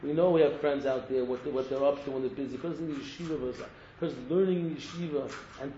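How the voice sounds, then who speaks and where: This rabbi's Torah talk comes in a mellow, mid-range voice that is fast with fairly even intonation. He exhorts listeners, uses Hebrew terms, and keeps coming back to one form of address; the audio is roomy and dull, carrying a little hiss or hum.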